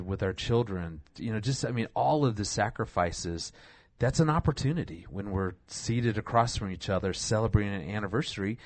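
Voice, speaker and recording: A husband as a guest on a talk show, speaking earnestly with frequent restarts. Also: male voice, low voice. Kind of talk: conversational interview.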